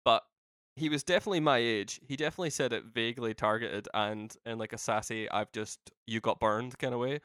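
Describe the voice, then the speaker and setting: A man's voice: mid-range voice, quick pace, fairly bright tone, no echo. A young man co-hosting a podcast in casual chat, teasing his co-host with dry sarcasm.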